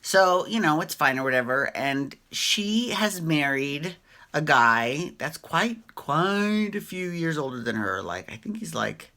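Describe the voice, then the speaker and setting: A woman's voice: sits low, expressive, a little slow, bright, forceful tone. A woman hosting a casual reality TV recap, chatty and opinionated, swearing freely and often tagging her points with "right?".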